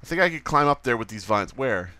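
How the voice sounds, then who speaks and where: A man's voice: medium pitch, expressive, brisk, bright, forceful tone, no room sound. A man casually commenting on his own gameplay, goofy and swearing, with silly sound effects. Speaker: let's play host.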